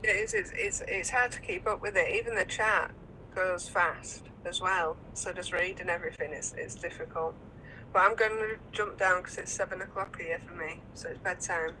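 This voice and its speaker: A woman's voice: on the low side, lively intonation, normal speed, bright, forceful tone, a little hiss or hum, poor audio. A woman with a Yorkshire accent chatting playfully as a guest on a livestream call. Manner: friendly, teasing, playful. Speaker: stream guest. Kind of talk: casual chat over a stream call.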